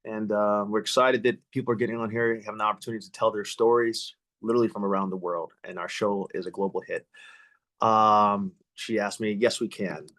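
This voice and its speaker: A man from Virginia hosting a podcast over a video call, chatting casually, teasing and restarting his sentences. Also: fairly low pitch. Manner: animated, teasing, quick restarts and stammers. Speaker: podcast host.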